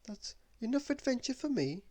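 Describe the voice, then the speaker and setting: A jittery, fretful cartoon man, as a man voices him for a bedtime storybook. He wails his worries a few notes higher than a normal voice. His voice has a slightly husky edge and swings widely in pitch. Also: big pitch swings, normal speed, a little mellow, heavily acted. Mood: weary. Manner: fretful and wailing. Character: anxious, fretful male cartoon character.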